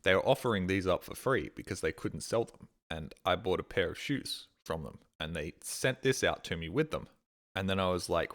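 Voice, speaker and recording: A man's voice: low voice, brisk, a bit bright. A young adult Australian man streaming on a headset mic, chatting casually in a rambling way and swearing freely. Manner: rambling, swears casually, mimics voices in quotes.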